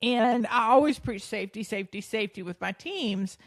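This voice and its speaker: A woman podcast host with a slightly high voice tells a story in a lively, self-deprecating way, laughing as she goes. She stumbles and restarts often while acting out what people said. The sound is dry and close. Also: a little fast, dry recording. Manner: acts out her own past thoughts and others' speech; frequent restarts and fillers. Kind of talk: personal storytelling monologue.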